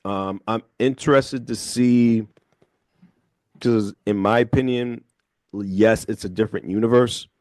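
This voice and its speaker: A man hosting a radio show, talking in a measured, thoughtful way and slowing down to stress his points. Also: fairly low pitch, fairly even intonation, a little mellow, dry recording, clean studio sound. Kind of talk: casual radio chat. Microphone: studio microphone.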